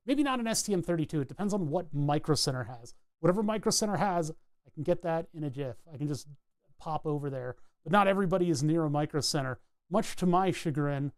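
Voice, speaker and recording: A chatty man talks through his soldering work in a casual, rambling way, thinking out loud about each connection. His voice sits a little high for a man. The sound is dry and close, with almost no room echo. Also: lively intonation, quick pace. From New England. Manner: chatty, rambling, self-narrating as he works. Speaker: electronics hobbyist streamer. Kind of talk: casual talk while soldering.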